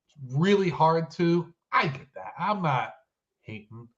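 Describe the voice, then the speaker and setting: A man's voice: fairly high pitch, sing-song, slow pace, fairly bright tone. A man co-hosting a casual chat show, sounding stuffy-nosed and nasal, rambling and self-deprecating. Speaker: podcast co-host. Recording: dull lo-fi sound.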